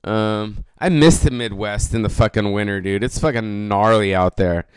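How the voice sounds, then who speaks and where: On his casual solo podcast, a roughly fifty-year-old stand-up comedian and host rants in a clean voice on the low side, with little pitch movement, a moderate pace and no room sound. The talk is rambling and profane, and he repeatedly corrects himself.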